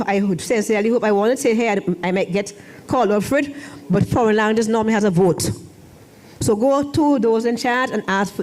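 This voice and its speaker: A woman's voice: medium pitch, mellow. A middle-aged woman, a former foreign language officer, giving a rambling ceremony speech in a church hall with many restarts. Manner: rambling, repeats and restarts phrases.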